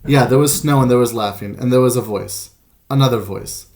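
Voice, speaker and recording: Guy reading a loyal dog, urgent and earnest, kinda gravelly. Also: medium pitch, fairly quick, a little mellow, close to an everyday voice. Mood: excited. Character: loyal, determined male dog.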